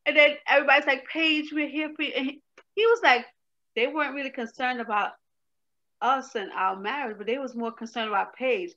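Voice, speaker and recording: A woman co-hosting a casual review chat, telling stories in an exasperated, animated way. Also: high voice, fairly quick, lo-fi sound. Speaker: co-host reviewing a reality show.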